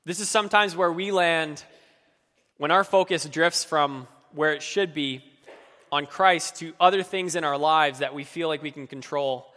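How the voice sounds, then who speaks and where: A man delivers a sermon with a fairly high, bright voice and an earnest, personal tone. His words ring out with a long reverb, as in a large hall. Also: unhurried. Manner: earnest, acts out quoted pleas with rising emotion. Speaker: preacher.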